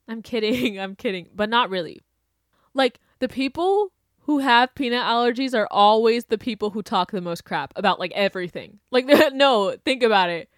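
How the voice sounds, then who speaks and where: A woman's voice: fairly high pitch, lively intonation, moderate pace, dry recording, clean studio sound. A young woman hosting her own show, ranting casually and sarcastically, laughing often and breaking into exaggerated outbursts. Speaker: podcast host. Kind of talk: casual opinion rant.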